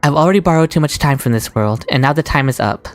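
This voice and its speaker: A woman reading aloud the lines of a calm, resolute dying woman from a game, in a steady, low voice. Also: quick pace, no room sound, soft background music, natural voice. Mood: solemn.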